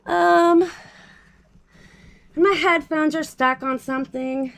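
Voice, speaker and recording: A middle-aged woman hosting a casual livestream chat, laughing often and slipping into mock-gloomy deadpan asides. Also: extremely high pitch, very slow, gravelly, pauses often. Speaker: livestream host.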